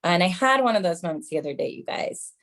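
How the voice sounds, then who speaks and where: A woman in her thirties delivers a stand-up set at a quick pace, her low-leaning voice expressive and fairly bright. She's chatty and self-mocking, trading in mom jokes and often saying "you guys" to the crowd.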